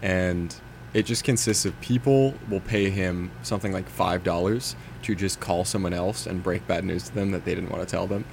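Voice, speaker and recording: A young man co-hosting a college radio show, chatting casually and telling stories with animated energy. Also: sits low, moderate pace, gravelly, slight background noise. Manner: animated storyteller, laughs easily. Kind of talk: casual chat.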